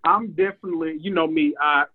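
A man's voice: a little high, brisk, slightly rough, narrow, tinny audio. A man joining a casual gossip podcast remotely, joining in with playful asides. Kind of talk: casual reality-TV gossip chat.

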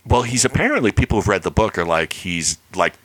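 A man's voice: low-pitched, a little fast, no echo. A man co-hosting a podcast, chatting eagerly about shows he watches, calling himself a nerd. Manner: chatty, self-described nerd, lively asides. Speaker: podcast co-host. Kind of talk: casual chat about films and shows.

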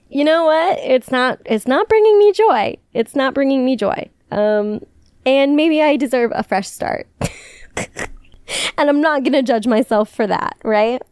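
A woman's voice: on the high side, darkish tone, smooth, dry recording, studio quality. A young woman from the Chicago area hosting a podcast, chatting casually and confessionally, joking at her own expense and laughing often. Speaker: podcast host.

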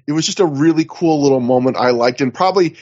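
A man talks through a recap in a loose, chatty way, full of fillers and asides. His voice sits a little high, and the recording sounds somewhat muffled and lo-fi. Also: fast, darkish tone. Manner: chatty, recounting in detail with many fillers. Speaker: podcast co-host. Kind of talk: casual recap chat.

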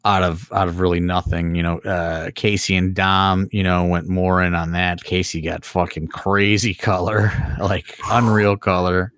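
A man's voice: deep voice, flat delivery, measured pace, hardly any pauses, a bit bright, no echo. A middle-aged man, a wrestling promoter, talking casually on a podcast, rambling with lots of fillers and swearing. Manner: rambling, heavy fillers and profanity.

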